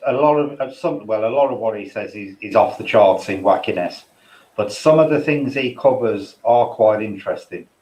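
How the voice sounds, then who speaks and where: Wry low-voiced man in an echoey room. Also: normal speed, darkish tone. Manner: wry, joking asides. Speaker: podcast co-host. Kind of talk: casual chat.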